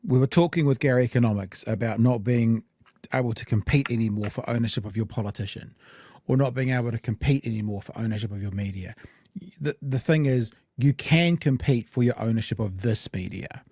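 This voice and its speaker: Casting: New Zealand male podcast host, blunt and rambling, mid-pitched, dry close sound. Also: fairly quick, darkish tone, no echo. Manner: blunt, rambling, many fillers. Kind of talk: casual political chat.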